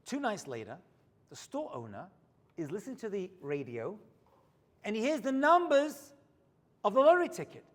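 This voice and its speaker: A man preaching a storytelling sermon as a rabbi in a synagogue, swinging from hushed asides to loud high points. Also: huge pitch swings, moderate pace, pauses often, big-room sound.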